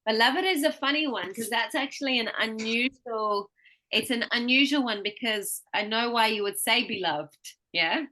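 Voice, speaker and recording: Bright-voiced woman coaching word stress. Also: fairly high pitch. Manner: patient, models words slowly and clearly. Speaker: pronunciation teacher. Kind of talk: one-on-one pronunciation lesson.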